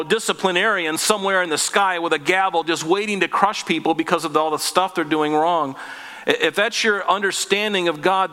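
A man's voice: on the high side, pushed and bright, long reverb tail. A male pastor preaching a sermon in an earnest, conversational way, often asking rhetorical questions.

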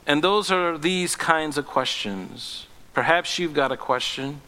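Earnest pastor preaching in a reverberant hall. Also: male voice, a little slow. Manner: earnest, rises to impassioned pleading then drops low and gentle. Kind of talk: sermon.

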